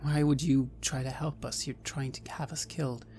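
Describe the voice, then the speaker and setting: A player speaking in character in a tabletop game, halting and earnest. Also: medium pitch, steady tone, a little mellow, faint music behind.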